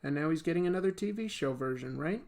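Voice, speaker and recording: A man's voice: on the high side, lively intonation, quick pace, darkish tone. Man, livestream host, casual chat, rambling, joking, lots of fillers. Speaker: comics artist and livestream host.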